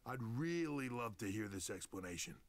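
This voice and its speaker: A man's voice: mid-range voice, animated, moderate pace, no room sound, close to an everyday voice. An actor voicing a stern male wrestling executive in a video game cutscene, scolding and authoritative.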